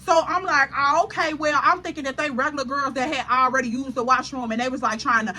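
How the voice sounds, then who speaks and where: A young woman telling a wild storytime on her channel, slipping into everyone's voices as she goes. Her voice sits high and bright, and her delivery is loose and slangy. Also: fast talker, a little hiss or hum. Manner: animated, acts out quotes, heavy slang. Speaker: storytime vlogger. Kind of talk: casual storytelling.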